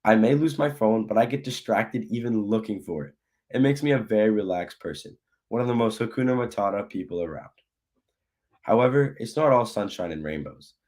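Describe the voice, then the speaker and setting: A young man, a student, reciting a prepared personal speech in a steady, scripted way with touches of humor. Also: lowish voice, a little fast.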